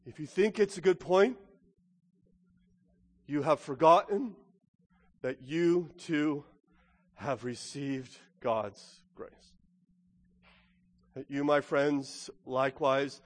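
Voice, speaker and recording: A man preaching a sermon as a pastor, animated and questioning his listeners, acting out voices as he tells the story. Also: on the high side, takes it slowly, pauses often. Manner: animated, acts out characters' voices and asks the congregation questions. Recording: long reverb of a large hall.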